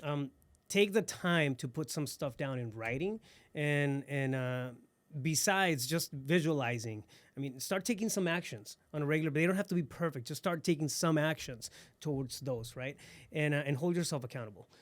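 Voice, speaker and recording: Podcast host guy, upbeat, bit of a higher voice, spanish is his first language. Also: moderate pace, dry recording. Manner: upbeat hype sign-offs. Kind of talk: casual podcast conversation.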